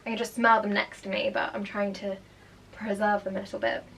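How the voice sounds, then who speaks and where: A woman's voice: mid-range voice, fairly quick, creaky, slight background noise. Young woman, primary teacher, casual reaction chat, explanatory. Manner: chatty, explanatory, animated asides.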